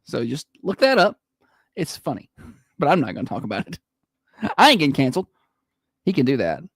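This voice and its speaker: A man's voice: medium pitch, huge pitch swings, a little fast, husky, dry recording. A man hosting a morning radio show with a Southern American accent, joking through casual banter. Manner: joking, does old-timey announcer voices.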